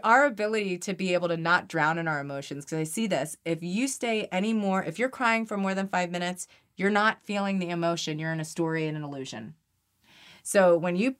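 Appearing as a podcast guest, a woman with a lowish, slightly bright voice talks with earnest animation about energy healing. She frequently restarts her sentences during the conversational interview.

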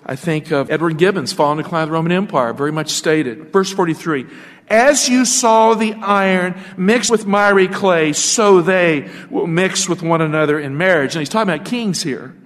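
A long reverb follows the words of a male pastor whose voice sits high and a bit bright. Preaching a sermon from scripture, he pauses to ask his listeners rhetorical questions.

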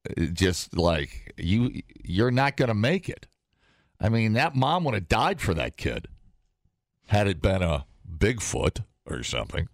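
Radio morning guy, gravelly voice that swings up and down, joking around, dry studio sound. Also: on the low side, very animated, a little slow, dry recording. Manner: joking, laid-back, trails off. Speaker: radio show host. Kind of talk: casual morning show banter.

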